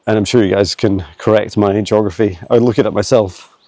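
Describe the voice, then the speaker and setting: A man, talking haltingly with many fillers as he channels answers while walking his dog in the woods, filmed on a handheld phone. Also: lowish voice, steady tone, darkish tone, dry recording. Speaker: psychic channeler. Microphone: handheld phone camera.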